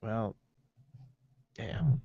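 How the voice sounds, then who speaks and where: A man's voice: on the low side, expressive, drawn-out words, mellow, no room sound. Male podcast host, joking storyteller, dry and dull lo-fi sound. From New Jersey. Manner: rambling storyteller, joking, lots of fillers. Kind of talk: casual chat.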